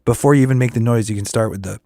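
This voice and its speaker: A middle-aged working musician hosting his own podcast rambles casually through vocal warm-ups in a solo reflection, sounding tired and often restarting sentences. His medium-pitched voice comes rapid-fire, with background noise behind it.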